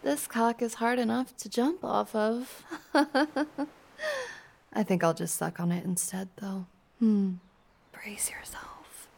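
Slow, gravelly-voiced woman, teasing role-play. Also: mid-range voice, fairly even intonation, darkish tone. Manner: dominant and teasing, often dropping to a whisper. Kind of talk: erotic audio role-play.

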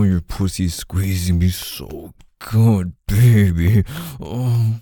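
A man speaking in an intimate audio role-play, low and murmuring, breathy with soft moans, close to the mic. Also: takes it slowly, no room sound.

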